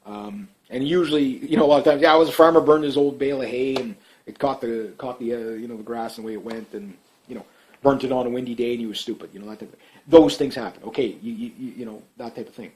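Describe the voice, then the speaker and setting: A Canadian man rambling through casual commentary on his channel, full of fillers and restarts, his voice often trailing off quietly. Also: medium pitch, steady tone, fast talker, low-quality recording. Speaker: vlogger.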